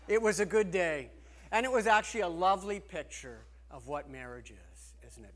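A man's voice: on the high side, lively intonation, moderate pace, a bit bright. A man preaching a sermon as pastor, talking earnestly and conversationally, often restarting his sentences.

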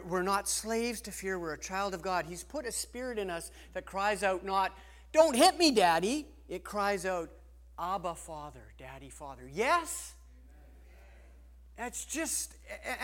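A man's voice: high voice, sharp tone. A man preaching a sermon as pastor, talking earnestly and conversationally, often restarting his sentences.

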